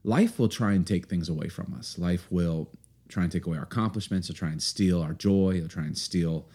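Deep-voiced earnest male pastor. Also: mellow, breathy edge. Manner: earnest, unhurried, many fillers and restarts. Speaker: pastor and podcast co-host. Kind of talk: casual podcast talk and scripture reading.

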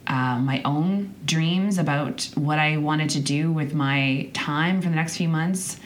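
A woman's voice: low-pitched, takes it slowly, slight background noise. A woman in her twenties hosting a podcast, talking candidly in a rambling personal monologue with restarts and the odd swear. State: choked up. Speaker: podcast host.

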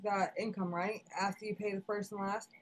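A woman's voice: mid-range voice, little pitch movement, a little fast, low-quality recording. A woman from New Hampshire co-hosting a podcast, blunt and swearing casually. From New Hampshire, USA. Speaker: podcast co-host.

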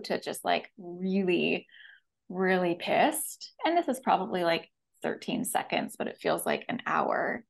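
A woman's voice: lowish voice, gravelly, rough recording. A woman with a Canadian accent, a breathwork facilitator telling her personal story as a podcast guest, acting out her own past words.

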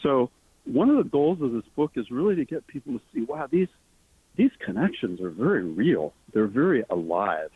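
A man, an author being interviewed, talking earnestly and enthusiastically, his pitch leaping up on the words he cares about. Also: big pitch swings, normal speed, husky. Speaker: author guest. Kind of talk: interview conversation. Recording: tinny phone line.

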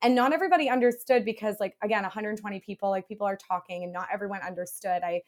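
A woman's voice: medium pitch, racing. A young woman from Canada, a podcast guest chatting casually and acting out what other people said. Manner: lively, acts out other people's lines. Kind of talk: casual storytelling chat.

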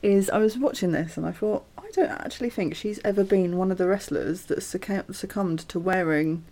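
Blunt, mellow-voiced woman co-host. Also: medium pitch, a little fast. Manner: blunt, swears casually, dry and exasperated. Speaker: podcast co-host. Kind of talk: casual chat.

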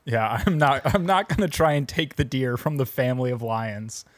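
A man's voice: mid-range voice, animated, moderate pace, no room sound. A man co-hosting a podcast, reading out reviews and making dry, sarcastic jokes. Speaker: podcast co-host. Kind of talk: casual movie review chat.

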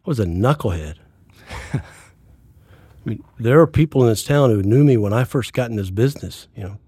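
Guest: man in his 60s, earnest testimony, mellow husky voice, dry sound. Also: mid-range voice, lively intonation, moderate pace, dry recording. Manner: earnest, acts out quoted dialogue. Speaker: podcast guest. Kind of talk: faith testimony in interview.

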